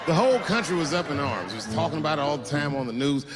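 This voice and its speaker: Animated man doing stand-up. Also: a little high, fast, long reverb tail, over music. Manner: animated storytelling, punchy. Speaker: comedian. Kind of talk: stand-up comedy.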